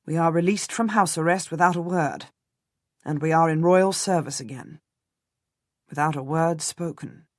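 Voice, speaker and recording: A woman's voice: low voice, normal speed, dry recording, clean studio sound, lightly acted. Guarded noble husband, as a woman reader voices him. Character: guarded noble husband, man, middle-aged and watchful.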